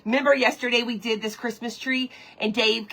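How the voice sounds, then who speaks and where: A woman's voice: on the high side, steady tone, brisk, a bit bright. Bubbly woman greeting viewers. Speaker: livestream host of a craft show. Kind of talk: casual live chat greeting viewers. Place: home woodshop.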